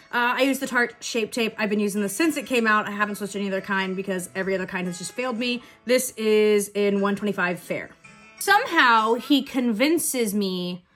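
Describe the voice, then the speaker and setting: A woman's voice: a little high, a bit bright. A young woman telling a blunt, profane story while doing her makeup in a casual get-ready-with-me vlog. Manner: quick chatty asides. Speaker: beauty vlogger.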